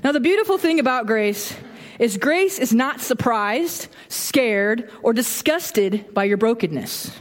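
A woman's voice: on the high side, measured pace, hardly any pauses. Woman preaching casually in a reverberant church. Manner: animated, acts out quoted reactions, self-deprecating humor. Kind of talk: casual conversational sermon. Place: church sanctuary. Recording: long hall reverb.

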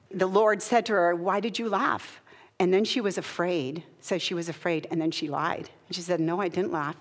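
A middle-aged woman giving a personal devotional talk, earnest and conversational, at times moved close to tears. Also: medium pitch. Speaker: speaker sharing a Bible devotional practice.

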